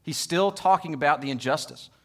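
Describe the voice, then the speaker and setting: A male pastor preaching with a somewhat high voice. He hammers repeated lines into loud peaks, then sinks to soft, quiet moments. He also drops into casual family stories. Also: a little fast. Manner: tells homely family stories. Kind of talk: sermon.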